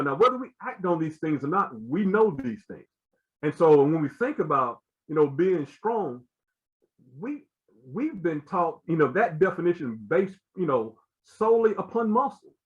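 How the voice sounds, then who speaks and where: An earnest man explains his point as a guest on a talk show. His voice sits a bit high, he circles back with repeated words and "you know", and the audio sounds dull and lo-fi. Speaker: guest speaker.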